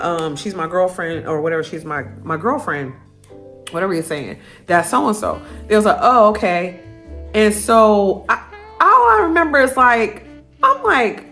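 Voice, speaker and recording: Woman with telling her story straight to camera, swears a lot, blunt and lively, faint guitar music under it. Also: a little high. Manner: candid, profane, animated retelling. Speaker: vlogger.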